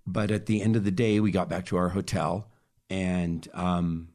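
A man guest telling a personal story in a hesitant way, pausing and searching for words. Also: deep voice, level tone, darkish tone. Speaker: interview guest.

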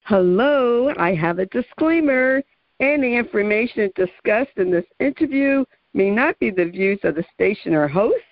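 A woman's voice: a little high, animated, normal speed, no echo. A woman hosting a radio interview show in a chatty, friendly way, laughing easily as she introduces her guest. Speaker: radio talk show host. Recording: dull lo-fi radio sound.

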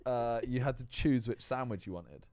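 A man's voice: mid-range voice, moderate pace, a little mellow, no echo. A man hosting a casual podcast, often laughing as he tells stories. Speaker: podcast host.

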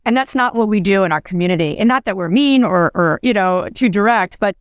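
A woman's voice: mid-range voice, animated, brisk, clean tone, no room sound, studio quality. A woman in her forties hosting a podcast, telling stories in a chatty way, often asking "right?" and laughing. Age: 40s. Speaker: podcast host. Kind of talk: casual podcast chat.

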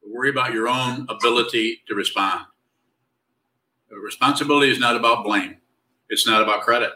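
A man with a lowish, bright voice answers students' questions like a meditation teacher. He talks loosely and conversationally, teasing now and then. The mic sits some way off. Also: recorded from a distance, slight background noise, poor audio. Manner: relaxed, conversational, wry and teasing. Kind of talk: spiritual Q&A teaching.

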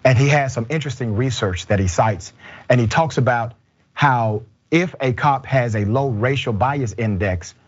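A man hosting a political commentary show with an emphatic, measured delivery. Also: medium pitch, husky. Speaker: show host. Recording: dull, lo-fi sound.

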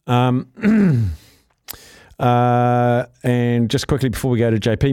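A man's voice: mid-range voice, dark tone, no room sound. A man hosting a casual radio show, upbeat as he reads listener messages aloud into a studio microphone. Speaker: radio host.

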